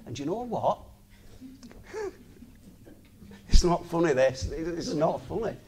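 A man's voice: a little high, big pitch swings, slow pace, darkish tone, a little hiss or hum. A man, talking in an informal sermon, chatty, laughing often and asking the listener rhetorical questions. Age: 60s.

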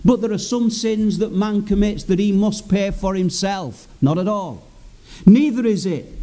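A man's voice: sits high, dark tone. A man preaching a sermon in an earnest, emphatic way, repeating key phrases for weight.

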